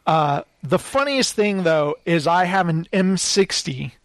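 A man's voice: high-pitched, measured pace, dry recording, clean studio sound. A man in casual chat, telling a long story animatedly and acting out the characters' lines, laughing often. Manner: animated storyteller, acts out quotes in raised voices, laughs often.

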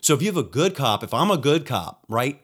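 A man's voice: mid-range voice, sing-song, brisk, a bit bright, breathy edge. A young man hosting a solo podcast, ranting in a heated, profane way, rambling with restarts and acting out quotes. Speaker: podcast host; nurse. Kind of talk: opinionated solo rant.

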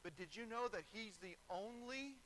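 A man preaching a sermon in a very high, bright voice, swinging from quiet, confiding asides up to ringing bursts. The recording carries a faint wash of room noise behind him. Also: expressive, moderate pace, poor audio. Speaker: pastor.

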